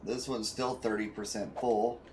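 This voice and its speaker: A man with a fairly low voice talks through his city-building game on a relaxed stream, musing aloud and tossing questions to his chat. He sounds like he is at a home desk mic, with a faint hiss of background noise under his voice. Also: a little slow. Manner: relaxed, thinks aloud and asks chat for ideas. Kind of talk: casual gameplay commentary.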